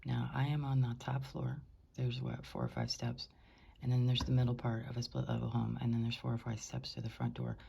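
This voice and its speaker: A woman speaking in a hushed, indignant way, often whispering, as she records from her bedroom on a top floor. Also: very deep voice, sing-song, brisk, creaky, slightly rough. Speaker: concerned housemate.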